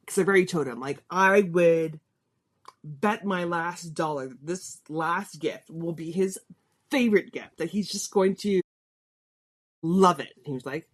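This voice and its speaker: A woman's voice: fairly low pitch, a little slow. A middle-aged woman hosting a podcast, telling a personal story in a chatty, candid way. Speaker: podcast host.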